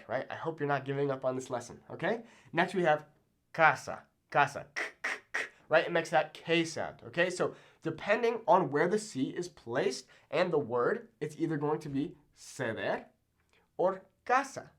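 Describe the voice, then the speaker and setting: A young man with a Mexican Spanish accent teaches pronunciation in an upbeat video lesson. His voice sits a little high and swings widely in pitch. He keeps checking in with the viewer, tagging "okay?" onto nearly every point. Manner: animated, checks in with frequent "okay?".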